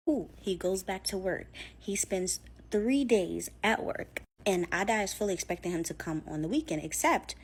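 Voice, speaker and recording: A woman's voice: lowish voice, normal speed, hardly any pauses, slightly rough. A woman telling a scary story in a chatty, casual way, full of fillers, acting out what people said. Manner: chatty, filler-heavy, acts out quotes.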